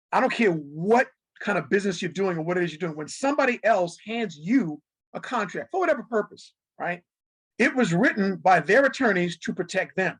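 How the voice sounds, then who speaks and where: Higher-pitched husky guy, middle-aged, guest chatting, acts out quotes, laughs a lot. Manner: animated storyteller who acts out quotes, laughs often. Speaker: guest, television executive. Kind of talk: casual interview storytelling.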